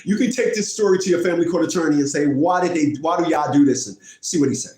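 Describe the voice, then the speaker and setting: A man telling a courtroom story as a family court advocate, acting out the other people in the story with high, exaggerated voices and mocking the listener. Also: fast talker, darkish tone. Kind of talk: animated storytelling rant. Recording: echoey room.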